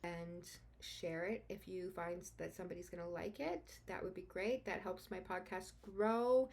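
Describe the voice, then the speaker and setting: Woman podcast host, lowish voice, casual true-crime storyteller, blunt and profane. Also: fairly even intonation, unhurried, creaky, darkish tone, husky. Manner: blunt, swears freely, gets openly indignant.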